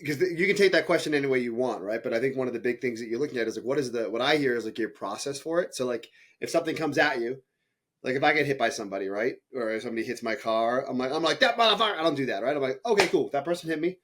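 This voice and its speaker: Guy hosting a podcast, mid pitch, blunt, swears a lot, acts out what he said. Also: racing. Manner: blunt, swears freely, acts out his own reactions in quotes. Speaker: podcast host. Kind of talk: casual conversation.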